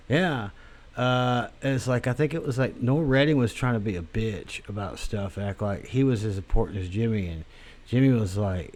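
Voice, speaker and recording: A man's voice: medium pitch, a little mellow. A man delivering a rambling, profane solo monologue with crude language, drifting tangents and many fillers. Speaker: podcast host.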